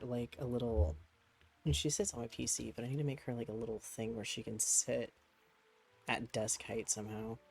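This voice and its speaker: Mellow-voiced streamer cooing to a cat. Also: medium pitch, creaky, husky, rough recording. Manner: cooing baby-talk to a pet, chatty musing while gaming. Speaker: game streamer. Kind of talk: casual live-stream chat while playing. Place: home desk with a computer.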